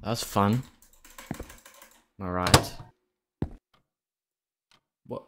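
A man's voice: on the low side, moderate pace, long pauses, background noise. A man doing let's play commentary on a horror game, jumpy and nervous, talking back to the characters with nervous laughs. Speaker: game streamer.

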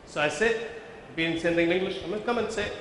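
A visual merchandising trainer runs a workshop lecture, often pausing to quiz the room while explaining step by step in an engaging way. His voice is a little high and a bit bright for a man, and he speaks fairly quickly. The sound rings through a large conference hall with long reverb over a faint hiss from a live audience setting.

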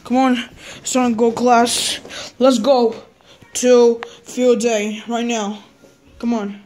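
Halting, slow-talking woman in toy play. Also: a little high, level tone, darkish tone, a little hiss or hum. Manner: halting, repeats words and restarts often. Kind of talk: toy role-play as a teacher.

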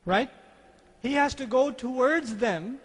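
A man giving an animated religious lecture, acting out the dialogue he quotes and reciting scripture between explanations. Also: very high voice, takes it slowly, slightly rough. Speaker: Islamic speaker. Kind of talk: lecture on Quranic language. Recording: lecture hall with long reverb.

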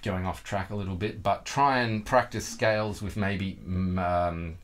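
A man's voice: on the low side, a little slow, hardly any pauses. A man, teaching guitar in a casual video lesson, chatty and self-mocking, sometimes singing rhythms with nonsense syllables.

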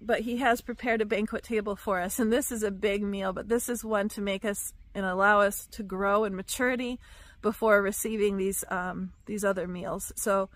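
A woman giving a reflective devotional teaching about her dreams, speaking softly and pausing with fillers. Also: mid-range voice, no room sound. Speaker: Christian teacher sharing dreams.

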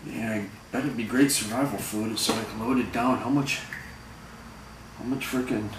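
A man's voice: mid-range voice, steady tone, moderate pace, background noise. A man telling a story casually to camera, rambling and profane, with lots of fillers. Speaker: vlogger. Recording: echoey room, voice far from the mic, clattering dishes.

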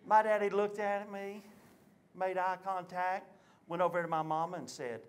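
Here a man whose voice sits high speaks at normal speed, with slight background noise around him. He's a stand-up comedian at a live show, telling an animated story and doing impressions of his relatives.

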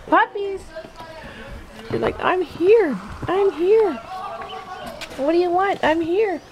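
A woman's voice: sits high, a little hiss or hum. A woman filming her puppies, talking to them in sing-song baby talk and laughing often. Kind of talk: cooing at puppies while filming.

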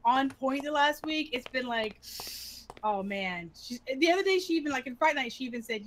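A woman's voice: sits high, lively intonation, normal speed, a little hiss or hum. A woman gaming with friends over voice chat, telling a story with giggles. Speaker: game player and storyteller. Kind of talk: casual voice-chat banter while gaming.

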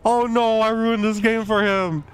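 A man streaming a horror game, yelping, swearing and apologizing to his teammates, then musing calmly on the game. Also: high-pitched, a little slow, clean tone. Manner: calm, musing commentary. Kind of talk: live game commentary. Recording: faint background noise.

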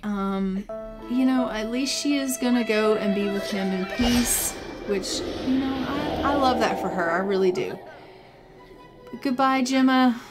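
A woman's voice: a little high, a little slow, loud music behind the voice. A woman giving casual gameplay commentary, chatting viewers through each step of what she is doing. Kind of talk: casual let's-play commentary.

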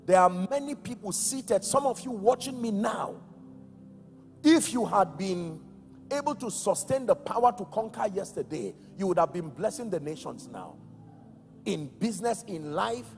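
A Nigerian man preaching a sermon with emphasis, going from shouted calls to quiet, low words and asking the congregation questions. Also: gravelly. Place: large church hall. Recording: echoey church hall with soft music.

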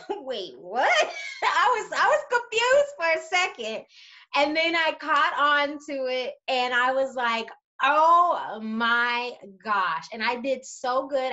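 Woman, somewhat high voice, casual chat, animated storytelling, talks to viewers, a bit muffled.

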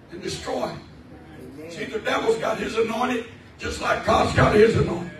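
High-pitched shouting preacher in an echoey church. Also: male voice, little pitch movement, moderate pace. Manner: fervent, shouting preaching with repeated praise cries. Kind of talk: revival sermon. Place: church sanctuary. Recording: echoey church hall, from far off, congregation around.

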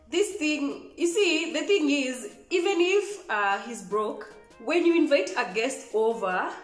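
Kenyan woman venting a story, high voice swinging all over, echoey room with faint music behind. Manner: animated, exasperated, code-switching, profane. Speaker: vlogger. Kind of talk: storytime vlog.

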